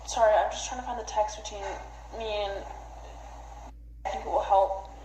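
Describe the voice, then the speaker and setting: A young woman recounting events as a witness in an interview, halting and hesitant, full of fillers and restarts. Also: medium pitch, fairly even intonation, dark tone. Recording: roomy recording with faint noise.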